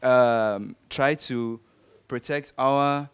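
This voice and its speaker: Slow, deliberate young man. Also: mid-range voice, steady tone, clean tone. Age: young adult. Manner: deliberate, searching for words, lecturing. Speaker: panel guest. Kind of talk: explanatory panel debate.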